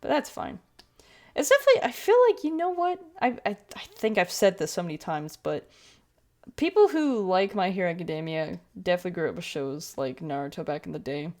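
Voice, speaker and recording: A young woman with a fairly low-pitched voice talks casually as she draws on a livestream. She rambles from one thought to the next, trailing off, restarting, and filling gaps with "like" and "um". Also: very animated, fairly quick, a little mellow. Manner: rambling and chatty, with many fillers and self-corrections. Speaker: streamer. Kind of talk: casual chat while drawing on a livestream.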